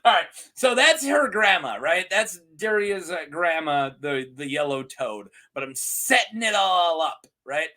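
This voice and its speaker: A man's voice: sits high, expressive, a little slow, few pauses, pushed and bright. A man hosting a lore channel, chatting casually and animatedly, rambling and laughing often.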